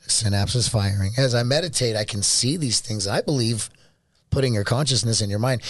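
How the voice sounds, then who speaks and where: A man who is a guest on a casual podcast, excitable and scattered, laughing often as he explains his meditation practice. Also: mid-range voice, no room sound, clean studio sound. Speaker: guest, meditation program founder.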